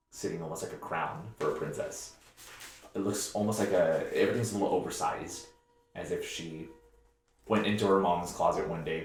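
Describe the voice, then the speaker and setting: A man narrating a tabletop game as game master, with lively, descriptive storytelling. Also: sits low, slight background noise. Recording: echoey room.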